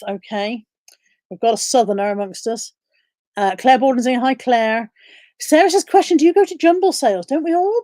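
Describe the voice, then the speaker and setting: A woman with a fairly high voice hosts a casual live stream, reading viewer questions aloud and answering them. The sound is dry and close, with no room echo. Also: mellow.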